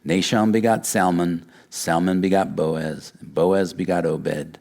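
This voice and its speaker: A man preaching a verse-by-verse Bible sermon, reading scripture aloud and acting out the dialogue of the story with lively energy. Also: low voice, slow pace, gravelly. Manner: animated retelling, acts out dialogue. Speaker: pastor.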